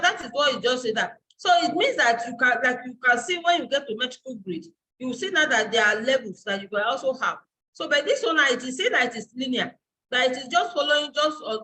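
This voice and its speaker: A woman's voice: sits high, sharp tone, slight background noise, rough recording. A woman university lecturer and dean giving a live online class, explaining step by step and searching aloud for terms.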